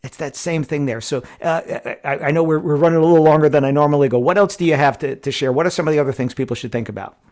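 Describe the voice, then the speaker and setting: Fast and with few pauses, a man whose voice sits on the high side and sounds a little mellow hosts a podcast, spinning chatty stories and repeatedly tossing in "right?" to check in.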